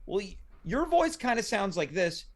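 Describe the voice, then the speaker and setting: A man's voice: high voice, very animated, normal speed. A man hosting a comedic live call-in show, questioning a caller in a dry, bemused way. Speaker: talk show host.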